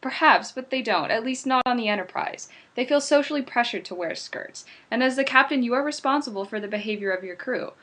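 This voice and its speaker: A woman's voice: on the high side, a little fast, few pauses, bright, forceful tone. A woman playing a stern female Starfleet admiral who speaks formally and apologetically.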